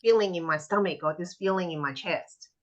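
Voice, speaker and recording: On a lo-fi recording, this woman speaks with a fairly low pitch and a little fast. She's a tapping practitioner and podcast guest explaining conversationally, telling lively stories and acting out how children replied.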